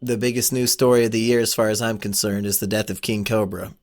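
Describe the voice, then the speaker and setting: A man's voice: on the low side, fairly even intonation, fast. Dry, teasing male podcast host. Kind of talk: casual chat.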